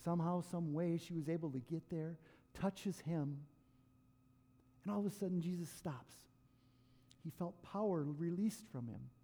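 A male preacher telling a story in a sermon, animated and acting out the quoted lines. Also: on the high side, normal speed, pauses often, long reverb tail. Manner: animated retelling with acted quotes.

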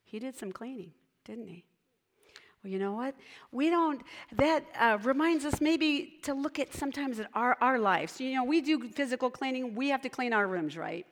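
A woman gives a children's sermon in church, coaxing answers with gentle questions. Her voice sits a little high. The sound rings with long hall reverb. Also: animated, normal speed.

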